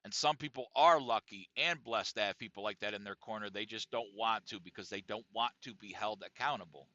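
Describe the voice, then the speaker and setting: Blunt, profane man with a bright edge. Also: fairly low pitch, fairly quick, no room sound. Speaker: podcast host. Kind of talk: casual monologue podcast. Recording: dry, dull lo-fi sound.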